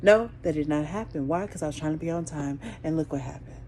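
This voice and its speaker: A woman with a fairly low voice tells a story from her week in a casual, chatty way. She acts out her own panic with sudden high, loud bursts and drops to hushed asides. A faint hiss sits under the recording. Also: fast talker. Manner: animated, jumps into high excited voices when acting out her panic. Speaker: podcast host.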